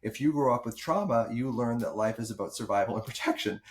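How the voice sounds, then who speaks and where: Hosting a podcast as a doctor, a man with a medium-pitched voice talks fast. He explains things thoughtfully in conversation, with small restarts along the way.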